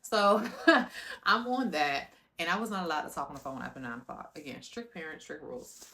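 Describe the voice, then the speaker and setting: A woman from South Florida recounting her life story in a low voice. She tells it in an animated way, talks straight to viewers and acts out scenes with sound effects. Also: fairly quick. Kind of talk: personal storytelling to camera.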